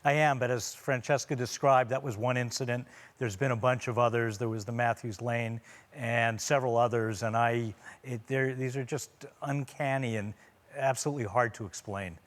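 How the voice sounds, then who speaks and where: A man's voice: medium pitch, steady tone. Reflective man with a New York accent. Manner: measured, reflective, self-described skeptic. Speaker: guest, the woman's husband. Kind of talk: talk show guest answering questions.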